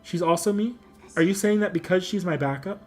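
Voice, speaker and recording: A man voicing a polite young female AI girl who speaks softly and earnestly while he plays a game. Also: sits high, brisk, faint music behind, pitched above the performer's own voice, natural voice. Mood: earnest pleading.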